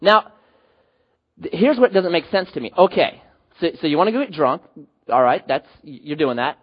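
A man preaching a sermon as pastor, animated, rising to loud emphatic peaks and dropping to quiet low endings. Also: moderate pace, breathy edge, muffled recording.

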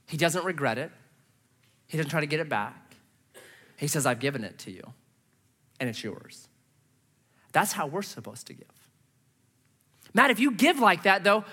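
Middle-aged guy pastor preaching, high-ish voice, jumps all over the place pitch-wise, pokes fun at himself. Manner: animated, self-mocking, acts out his own reactions. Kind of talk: sermon with personal storytelling. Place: church stage.

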